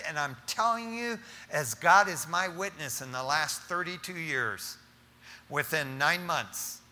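A middle-aged man preaching as pastor, talking in an animated, casual way and often calling his listeners "man". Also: a little high, big-room sound. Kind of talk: sermon.

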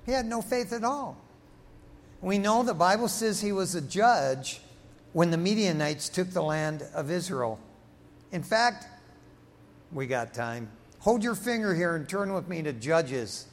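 A man preaches with animated energy, his voice sitting slightly high as he acts out voices from scripture. The sound carries a long reverb from a large church hall. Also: measured pace. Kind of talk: sermon.

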